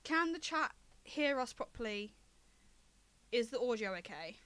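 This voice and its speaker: Young woman gm on a stream, high voice, rambly, lots of ums. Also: sing-song, unhurried, fairly bright tone, rough recording. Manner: rambling, with frequent ums and laughs. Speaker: game master. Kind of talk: narrating a tabletop game on a livestream.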